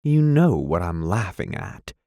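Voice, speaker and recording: A man reading aloud, voicing a composed, scornful young wife in a quiet, measured way. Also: low voice, very animated, vocal fry, dry recording, heavily acted. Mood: cool.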